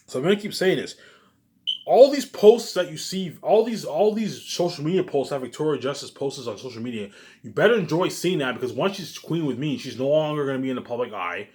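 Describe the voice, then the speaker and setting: A male vlogger rants at his audience at a rapid clip, full of profanity and stumbling restarts. His voice jumps between loud, heated outbursts and low, muttered lines. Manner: agitated, profane, repetitive, with many restarts. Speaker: YouTube vlogger. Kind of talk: ranting monologue to camera.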